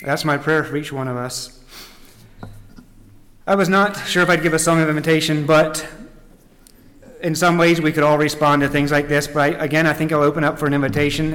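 A man's voice: a little high, a bit bright, a little hiss or hum. A man preaching a sermon in an earnest, reflective way, often restarting his sentences. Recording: echoey hall.

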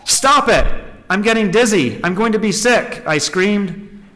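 A man's voice: fairly high pitch, a little slow, pushed and bright. A man voicing a suffering teacup that cries out and pleads as it is shaped and fired. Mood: distressed pleading. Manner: pleading, crying out in distress. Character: suffering teacup, once a lump of clay. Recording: echoey hall.

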